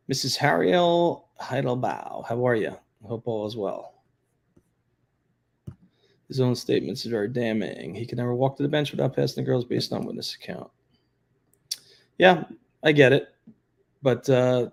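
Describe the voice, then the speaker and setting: A man, a retired police officer, hosting a casual livestream, talking bluntly and offhandedly as he answers viewer comments. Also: mid-range voice. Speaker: retired law enforcement livestream host.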